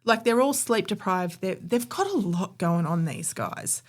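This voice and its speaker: A woman's voice: mid-range voice, lively intonation, measured pace. A woman, co-hosting a podcast and telling a history story in a chatty, opinionated way. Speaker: podcast co-host. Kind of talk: casual storytelling chat.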